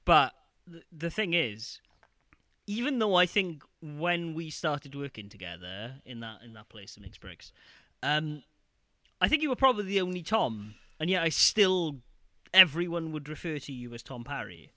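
A man's voice: fairly high pitch, big pitch swings, moderate pace, bright, forceful tone, no echo, studio quality. A man co-hosting a gaming podcast in casual chat, rambling and laughing often as he talks. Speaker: podcast co-host.

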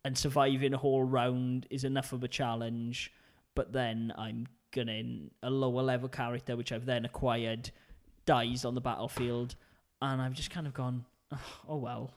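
A man's voice: mid-range voice, level tone, normal speed, hardly any pauses. Chatty Welsh man. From Wales. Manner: rambling, chatty storytelling. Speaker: podcast co-host. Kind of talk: casual chat.

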